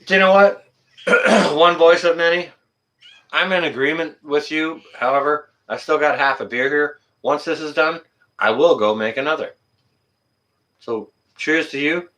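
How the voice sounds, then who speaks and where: A man's voice: on the high side, unhurried, pushed and bright. A man hosting a casual live stream, answering chat in a blunt, joking way and swearing freely.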